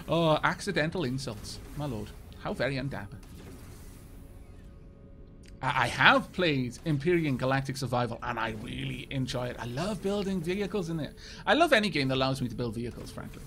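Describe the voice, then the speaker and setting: Fast-talking Welsh man streaming a game. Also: on the high side, animated, a bit bright, a little hiss or hum. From Wales. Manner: fast-talking, chatty, self-mocking. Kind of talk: casual live-stream chat over gameplay.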